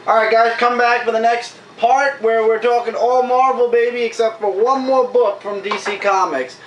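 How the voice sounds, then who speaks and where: A man's voice: very high voice, steady tone, normal speed, dull audio, slight background noise. A man co-hosting a casual comic book review, offhand, opinionated and jokey. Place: indoor room with a camera. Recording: echoey room, distant mic.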